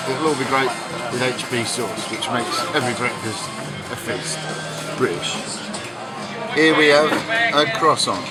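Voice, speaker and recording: Jokey man chatting over loud music. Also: medium pitch, poor audio. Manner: jokey, mock-patriotic, rambling. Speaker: travel vlogger. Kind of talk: casual tongue-in-cheek travel commentary.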